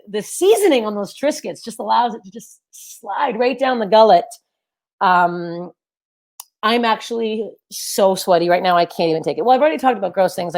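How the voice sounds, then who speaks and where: A young woman with a low, deep voice, performing a loud, energetic, self-deprecating stand-up set over a webcam. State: sweaty and overheated. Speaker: stand-up comedian. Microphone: webcam for a virtual show.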